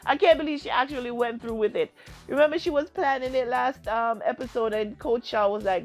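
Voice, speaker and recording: A woman's voice: a little high, fairly quick, faint music behind. A woman casually retelling a reality TV episode, acting out the quoted lines with lots of fillers. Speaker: TV recap vlogger.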